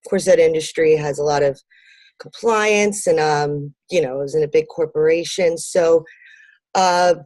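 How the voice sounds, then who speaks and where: Low mellow woman chatting in an interview, lots of ums, dry sound. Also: normal speed, dry recording. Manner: lots of ums and fillers, laughs easily. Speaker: interview guest, marketing business owner. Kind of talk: conversational interview.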